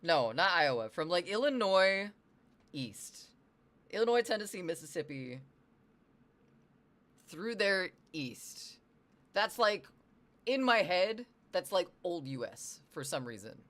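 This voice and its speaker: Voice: medium pitch, very animated, takes it slowly, long pauses, a bit bright. Rambling streamer from the US Northwest. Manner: rambling and chatty, reads chat aloud, swears casually. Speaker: livestreamer answering chat. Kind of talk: casual livestream chat.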